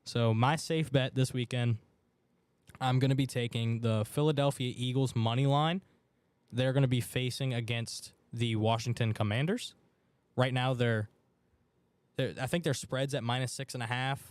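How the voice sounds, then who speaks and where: A man co-hosting a sports betting podcast in a radio studio, chatting casually and excitably. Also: medium pitch, normal speed, clear, resonant tone, dry recording. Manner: excitable, chatty, loud outbursts for his team. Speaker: podcast co-host. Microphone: studio mic.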